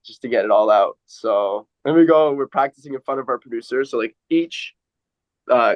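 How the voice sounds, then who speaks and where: A man's voice: mid-range voice, no echo, dull audio. A man, an entrepreneur guest, telling a story in casual podcast chat, rambling with many fillers.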